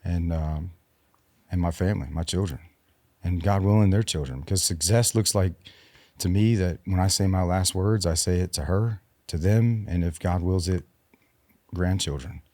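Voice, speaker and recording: This is a man in his forties with a very deep voice and a warm, dark tone. He is a veteran guest on a podcast, telling his story candidly. He speaks in a halting, subdued way and restarts his sentences often, recorded in a dry, close room. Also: no echo.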